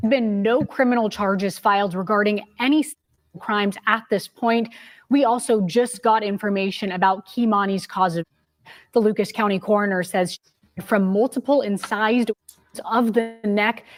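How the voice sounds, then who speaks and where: A woman news anchor giving a formal, measured broadcast news report. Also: mid-range voice.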